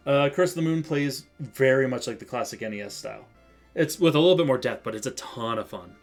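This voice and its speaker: A man's voice: medium pitch, brisk, faint music behind. Casual, rambling male streamer. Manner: casual, rambling, laughs easily. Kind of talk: live gameplay commentary.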